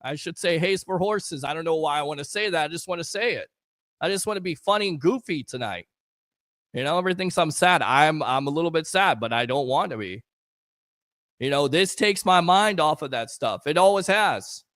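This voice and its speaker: A man's voice: a little high, expressive, a little fast, fairly bright tone, no echo, studio quality. A man hosting a live sports talk stream, talking in an earnest, emotional, rambling way while hyping up his audience. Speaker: sports talk show host.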